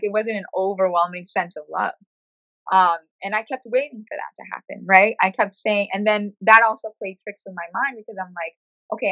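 Woman, frank storyteller, animated asides, bright tone, slightly muffled recording. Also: medium pitch, dry recording. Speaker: guest sharing her experience. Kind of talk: candid conversational interview.

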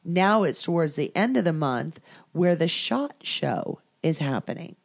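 A woman's voice: lowish voice, very animated, measured pace, creaky. A woman hosting a casual adult podcast, bubbly and laughing often, swearing freely. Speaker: podcast host.

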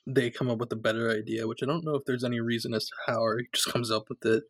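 A man's voice: medium pitch, fairly even intonation, quick pace, dry recording. A man in a casual chat about a film, gushing about its jokes and laughing often. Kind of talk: casual movie recap chat.

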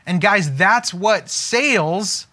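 A man giving an emphatic, preacher-like motivational talk as a business coach, slowing down to stress key phrases. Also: sits high, expressive, bright, forceful tone.

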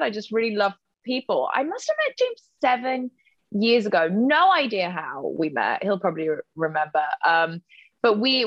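Young woman guest, animated high voice, giggly, dull dry lo-fi recording. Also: no room sound. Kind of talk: casual interview chat.

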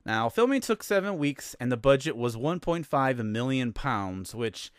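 A man from the United States hosts his podcast in a chatty monologue, dropping sarcastic asides as he goes. His pitch rises and falls a lot. The sound is dry and close, with no room around it. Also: measured pace, clean tone, dry recording. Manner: sarcastic, lively storytelling with asides. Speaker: podcast host. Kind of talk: casual monologue.

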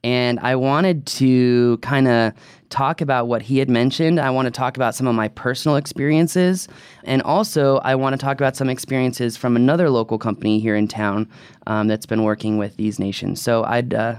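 A man's voice: medium pitch, a little fast, a little mellow, clean tone, no room sound, studio quality. A man hosting a drone talk show in casual chat, opinionated and joking. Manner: chatty, opinionated, joking asides. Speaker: podcast host.

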